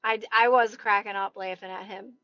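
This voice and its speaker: A woman's voice: medium pitch, steady tone, brisk, sharp tone, no room sound, muffled recording. A woman in her thirties with a Delaware County, Philadelphia-area accent, chatting casually on a live stream, rambling and greeting viewers. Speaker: TikTok live host. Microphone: phone.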